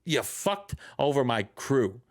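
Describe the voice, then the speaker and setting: A man voicing a domineering older male wrestling boss in low, drawn-out threats. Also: big pitch swings. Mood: menacing.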